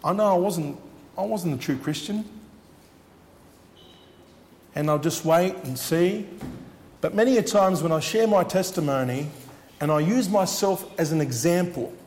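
A man's voice: a little high, normal speed, a little mellow, big-room sound, slight background noise. A man preaching a sermon as he shares his testimony, earnest and repeating his words for emphasis.

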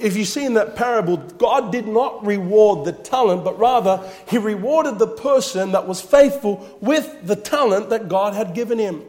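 High-voiced man preaching in an echoing hall. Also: darkish tone. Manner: emphatic, repeats phrases, reads scripture aloud. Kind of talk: sermon.

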